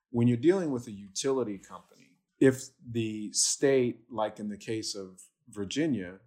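A man answering interview questions as an energy policy expert, in a measured, methodical way with the odd filler. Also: fairly low pitch.

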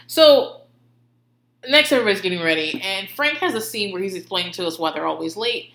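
A woman's voice: mid-range voice, a little fast, roomy sound, a little hiss or hum. A woman hosting a podcast, telling stories in casual, profane chat and laughing often. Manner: profane, laughing, animated storytelling. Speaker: podcast host.

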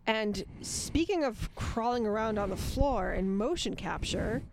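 A woman co-hosting a podcast in casual chat, chiming in with quick remarks. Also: on the high side, animated, darkish tone, a little hiss or hum. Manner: quick interjections, finishing others' thoughts. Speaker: podcast co-host.

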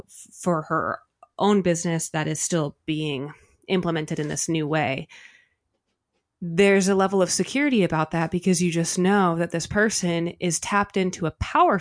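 A woman co-hosting a casual spiritual podcast, animated and swearing now and then, a little out of breath. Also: on the low side, no echo, studio quality. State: slightly out of breath. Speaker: podcast co-host.

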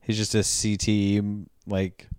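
A man's voice: lowish voice, monotone, a little slow, a little mellow, clean tone, dry recording. A man co-hosting a casual movie podcast, laid-back and swearing freely. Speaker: podcast co-host.

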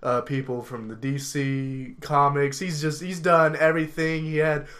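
Young man, podcast co-host, casual chat, rambling, laughs often, slightly high pitch. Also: little pitch movement, unhurried, fairly bright tone. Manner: rambling, laughs often, trails off mid-sentence.

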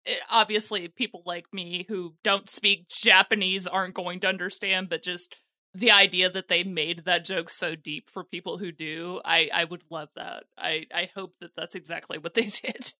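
A woman's voice: on the low side, steady tone, normal speed, sharp tone, no room sound, studio quality. A woman in casual podcast chat about an anime, talking thoughtfully and with enthusiasm.

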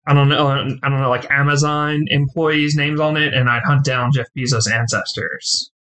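A man's voice: medium pitch, steady tone, normal speed, pushed and bright. A man co-hosting a podcast, joking playfully and swearing casually. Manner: playful, profane, jokey. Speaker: podcast co-host. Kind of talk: casual chat.

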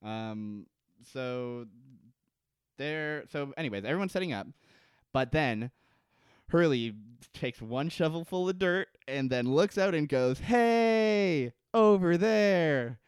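Animated young man recapping TV. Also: medium pitch, unhurried, clean tone, no echo, clean studio sound. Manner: animated, acts out characters' lines, laughs often. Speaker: podcast co-host. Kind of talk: casual chat recapping a TV episode.

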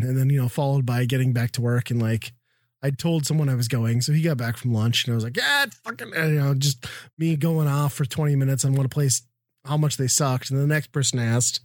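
A man's voice: medium pitch, steady tone, moderate pace, darkish tone, no room sound, studio quality. A middle-aged man from the Midwest telling a profane, exasperated story in casual chat. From American Midwest.

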